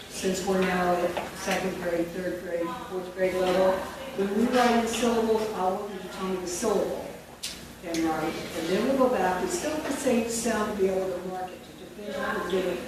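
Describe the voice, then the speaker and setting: A woman's voice: mid-range voice, normal speed. A woman leading a teacher training workshop, dictating words and quizzing the room. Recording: very echoey room from far off, with noise.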